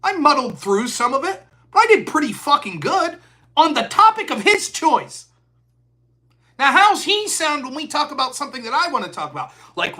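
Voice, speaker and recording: A man's voice: very high voice, sing-song, normal speed, pushed and bright. A man of forty hosting a live stream, talking in a profane, heated rant. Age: 40s. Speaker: host.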